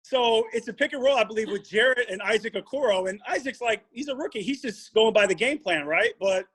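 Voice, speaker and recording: A man with a notably high speaking voice tells a casual sports story, slipping into the voices of teammates as he goes. He talks like a former pro recounting the bench and the court to friends on a podcast. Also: fairly quick, breathy edge. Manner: animated anecdote-telling with quoted dialogue. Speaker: former pro basketball player, guest.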